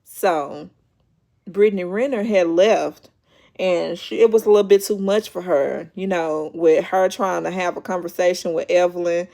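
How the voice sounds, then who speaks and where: A woman's voice: fairly low pitch, normal speed, vocal fry, mellow. A woman hosting a casual reality show recap, chatty and storytelling, acting out quotes with laughs.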